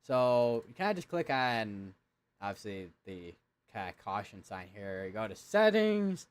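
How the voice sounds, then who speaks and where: A man's voice: fairly low pitch, sing-song, unhurried, clear, resonant tone. A young man hosting a live severe weather stream, talking casually with lots of fillers and restarts as he checks radar and alerts at his computer.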